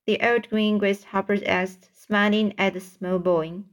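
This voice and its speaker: A woman's voice: mid-range voice, steady tone, a little slow. A woman reading a children's book aloud in a careful way, with small stumbles. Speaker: storyteller.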